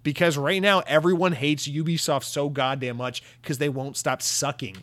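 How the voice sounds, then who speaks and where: A young man giving a sarcastic, profane rant as a gaming commentator, mocking companies with quick impressions. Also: fairly high pitch, a bit bright, no room sound. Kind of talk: ranting video commentary.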